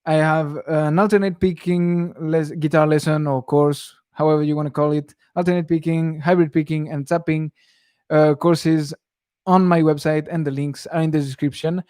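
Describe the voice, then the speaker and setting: A man's voice: on the high side, steady tone, normal speed, a little mellow, clear, resonant tone, dry recording, studio quality. A young man who teaches guitar, chatting casually on a live stream Q&A and rambling with frequent chuckles. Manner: rambling, self-interrupting, chuckles often.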